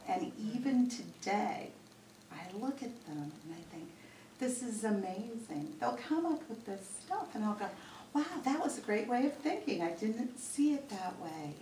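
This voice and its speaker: A woman's voice: on the high side, lively intonation, unhurried, dark tone, slight background noise. A middle-aged woman giving a heartfelt, reflective Mother's Day talk at a church service, with storytelling asides. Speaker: spiritualist medium giving a talk. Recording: roomy recording from far off, faint ambience.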